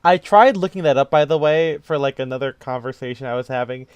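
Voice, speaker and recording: A man's voice: mid-range voice, brisk, smooth, no room sound, highs cut off. A man co-hosting a podcast, rambling and hesitant, laughing often. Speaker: podcast co-host. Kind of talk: casual chat.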